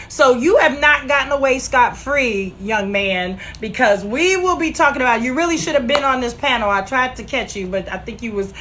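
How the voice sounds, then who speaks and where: A woman hosting a casual video call chat, energetic and hyping people up. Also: high-pitched. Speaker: host.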